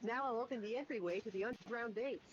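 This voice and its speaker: An actress playing a polite, dutiful young presidential aide in a video game. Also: female voice, fairly high pitch, fast, lo-fi sound, a little hiss or hum, lightly acted.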